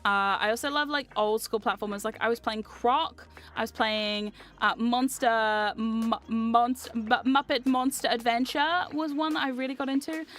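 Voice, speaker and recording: A woman's voice: a little high, fairly even intonation, normal speed, hardly any pauses, fairly bright tone. A young woman streamer chatting casually and animatedly, reading chat aloud and swearing freely. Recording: faint music behind.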